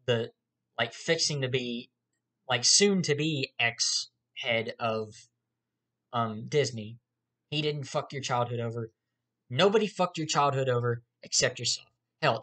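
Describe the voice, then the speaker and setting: A man's voice: medium pitch, fairly bright tone. A man ranting angrily to camera as a YouTuber, profane, heated and repetitive. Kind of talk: angry rant to camera.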